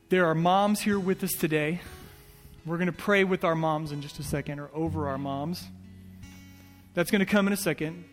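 A man preaching a sermon as pastor, earnest and repetitive, easing into soft prayer. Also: sits high. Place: church hall. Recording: echoey church hall. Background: soft guitar.

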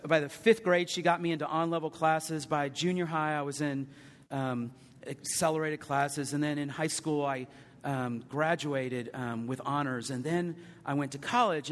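A man preaching a sermon and sharing his testimony, earnest, rising to loud emphatic peaks and sinking to hushed confession. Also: fairly high pitch. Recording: long hall reverb.

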